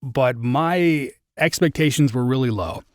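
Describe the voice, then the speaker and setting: A man's voice: mid-range voice, measured pace, dry recording, clean studio sound. A young man hosting his podcast live, chatting casually through a movie review with a rambling, filler-heavy way of talking. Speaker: podcast host.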